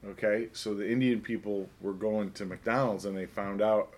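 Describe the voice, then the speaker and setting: A man's voice: fairly low pitch, fairly even intonation, moderate pace, darkish tone. A man co-hosting a casual podcast chat in a comic shop, explaining things in a matter-of-fact way. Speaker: podcast co-host.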